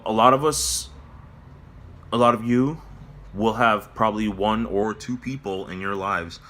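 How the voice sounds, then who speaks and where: A man with a very low, bright-edged voice gives a somber personal vlog update, halting and reflective, full of fillers and restarts. He talks from his workplace, with faint noise behind him. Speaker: vlogger. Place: at his workplace near closing time.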